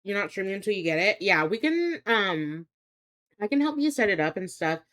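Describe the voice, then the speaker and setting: A woman's voice: mid-range voice, very animated, moderate pace, fairly bright tone. Rambling young woman streamer, full of fillers. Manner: rambling, hesitant, many fillers and restarts. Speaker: live streamer. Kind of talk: casual chat with viewers. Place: home streaming setup.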